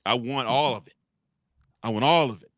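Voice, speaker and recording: A man's voice: mid-range voice, moderate pace, fairly bright tone, no room sound, close to an everyday voice. A man voicing a gleeful male football coach who boasts about all the food he wants. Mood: greedy gleeful.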